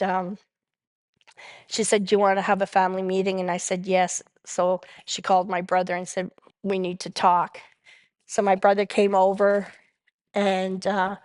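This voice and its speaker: A woman's voice: medium pitch, dry recording, clean studio sound. A woman giving a personal recovery testimony as the main speaker at a convention, telling her story vividly and acting out the dialogue. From Canada. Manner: animated storyteller who acts out quoted dialogue.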